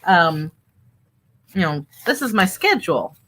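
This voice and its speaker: A woman's voice: lowish voice, very animated, a little slow, noisy background. A woman hosting a casual livestream from home, chatting in a rambling way, with fillers and asides to her viewers. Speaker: livestream host and online reseller.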